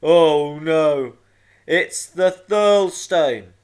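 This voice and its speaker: Old cliff giant, rumbling, fretful, loud, storybook, man reading. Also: drawn-out words, smooth. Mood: worried.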